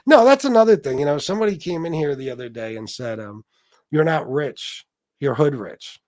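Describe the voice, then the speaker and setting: With a slightly high voice at normal speed, a livestream host reads viewers' comments and goes off on profane, animated, blunt rants. The sound is clean studio quality and dry.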